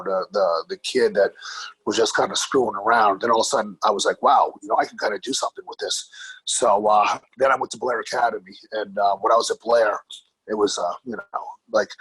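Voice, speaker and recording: A man in his forties from New York, casually telling his life story in an interview, animated and swearing freely. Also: fairly low pitch, a little fast, slightly rough, dry recording, poor audio. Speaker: podcast guest, grappling coach.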